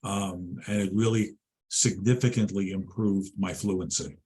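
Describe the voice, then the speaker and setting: Husky middle-aged New man. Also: low-pitched, fairly even intonation, a little mellow. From Long Island, New York. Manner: measured, with frequent ums and pauses. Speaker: guest. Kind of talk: interview conversation.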